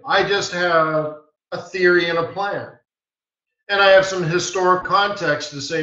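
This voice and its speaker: Hosting a live trading webinar, a forex strategist with a high, bright, forceful voice talks animatedly at a normal speed. He drives his lessons home with blunt emphasis and short, repeated commands, captured on a dull, distant mic in a roomy space.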